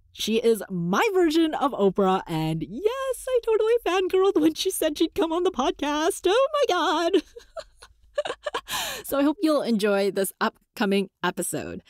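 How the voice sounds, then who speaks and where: A woman hosting a solo podcast, coaching listeners in an encouraging, animated way with playful voice shifts. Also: medium pitch, dry recording, clean studio sound. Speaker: podcast host.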